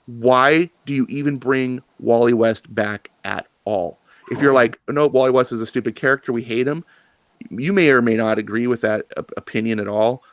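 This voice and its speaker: Passionate man arguing on a panel. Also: no echo. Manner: animated, emphatic, rising pitch when arguing, frequent restarts. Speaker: panelist on a comics discussion show. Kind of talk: passionate live panel debate.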